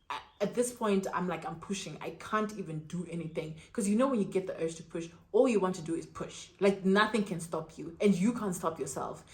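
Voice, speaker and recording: A young woman vlogger telling a personal story in a lively, dramatic way with casual slang. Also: lowish voice. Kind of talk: storytime vlog.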